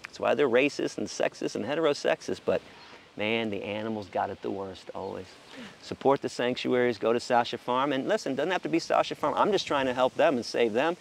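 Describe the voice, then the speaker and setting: A man's voice: medium pitch, a little fast, vocal fry, a little hiss or hum. A man speaking passionately about animal sanctuaries in a casual monologue, stammering into restarts and swearing now and then. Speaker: vegan animal rights advocate.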